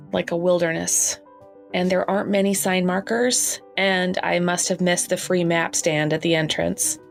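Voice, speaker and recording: A woman podcast host with a Canadian accent, reading a gentle, wry scripted introduction from a makeshift home setup. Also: fairly low pitch, vocal fry. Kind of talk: scripted narration.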